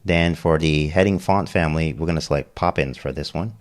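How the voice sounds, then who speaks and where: Male tutor, extremely deep voice, casual step-by-step software walkthrough. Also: brisk. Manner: step-by-step, casual, frequent "okay?" check-ins. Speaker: web design tutor. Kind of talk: screen-recorded software tutorial.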